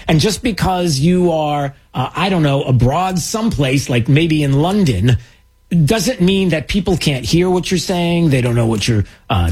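A man's voice: medium pitch, a little mellow, husky. A man hosting a political talk show, rambling and mocking, with many restarts. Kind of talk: political commentary.

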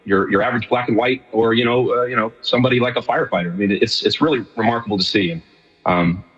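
Middle-aged New York guy, husky, rapid and rambling, on a dull remote line. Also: medium pitch, a bit bright, in a large hall. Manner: rambling, many fillers and restarts. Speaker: guest. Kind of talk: casual radio interview.

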